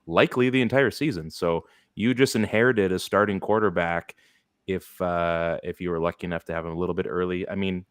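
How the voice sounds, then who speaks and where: Very deep-voiced man hosting casually. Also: dry recording, clean studio sound. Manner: relaxed, rambling, many filler words. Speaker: podcast host. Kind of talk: casual fantasy football podcast chat.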